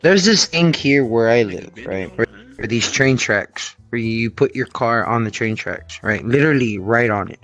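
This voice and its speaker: A man's voice: medium pitch, lively intonation, moderate pace, a bit bright, faint music behind. A man telling a story in a casual interview, emphatic, often checking in with his listener. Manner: emphatic, keeps checking in with "right?" and "okay".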